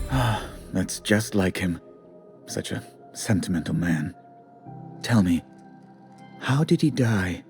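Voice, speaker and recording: An actor playing a prim, self-pitying corporate official in a video game, speaking in clipped, theatrical formal diction. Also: male voice, lowish voice, darkish tone. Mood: grieving. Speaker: corporate board representative. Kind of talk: video game character dialogue.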